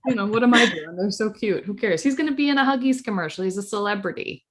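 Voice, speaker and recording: Mom-show host, mid voice, blunt and fast, swears a lot, super animated. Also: female voice, mid-range voice. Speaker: podcast host. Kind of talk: casual chat.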